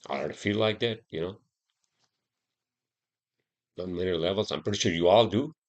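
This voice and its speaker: A man's voice: low-pitched, moderate pace. A man hosting a solo podcast, rambling and swearing heavily through a heated rant. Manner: rambling, profane, heated ranting. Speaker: podcast host.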